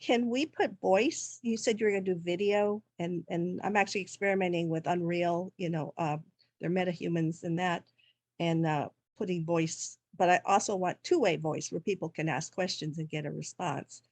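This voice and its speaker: A woman's voice: fairly low pitch, fairly even intonation, moderate pace, a little mellow, no echo. A woman on a video call asking an eager, rambling question in a casual chat. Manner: eager, talkative, run-on sentences. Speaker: webinar audience member asking a question.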